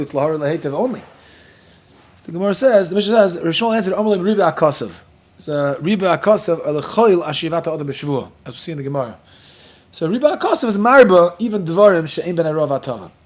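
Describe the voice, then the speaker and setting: Man, Yiddish native speaker, rabbi, Talmud class, joking, lively, higher voice. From Williamsburg, Brooklyn. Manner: lively, joking, mixes Hebrew and Yiddish terms into English.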